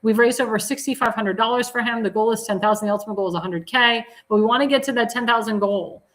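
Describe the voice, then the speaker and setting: Woman talk show host; enthusiastic, promotional, repetitive donation pitches, self-correcting. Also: fast talker, a bit bright, poor audio. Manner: corrects herself mid-sentence. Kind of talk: live political talk show.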